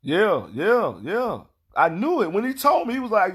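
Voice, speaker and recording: A man in his thirties speaking tells a casual, profane story about his children. He circles back over his own words and acts out the other people in the story. His voice sits a bit high for a man. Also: moderate pace, few pauses, slightly rough. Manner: animated, profane, repeats himself, acts out quotes. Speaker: father telling stories.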